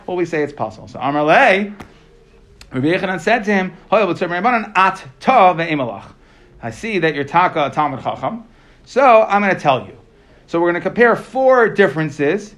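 High-voiced man teaching Talmud. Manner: explains text line by line, translating and asking questions. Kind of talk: daily Talmud class.

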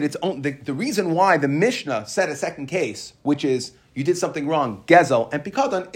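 Male Talmud teacher, fairly high voice, explanatory, keeps checking "right?" with listeners. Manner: mixes English with Hebrew and Aramaic terms. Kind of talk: Talmud study lesson.

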